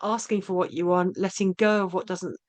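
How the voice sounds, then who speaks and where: A woman hosting a podcast, talking in a casual, halting way with frequent restarts and tag questions. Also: on the low side, fairly even intonation. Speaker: podcast host. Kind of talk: casual conversational interview.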